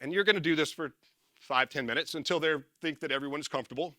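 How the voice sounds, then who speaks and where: A man giving a casual motivational talk to an audience, energetic and rambling, often correcting himself and laughing at his own slips. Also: a little high, quick pace, no room sound, clean studio sound. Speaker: former military speaker and success coach.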